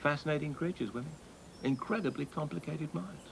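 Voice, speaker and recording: Pompous grumbling man, gravelly. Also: fairly high pitch, fairly quick, slight background noise. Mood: wry. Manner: pompous, wry.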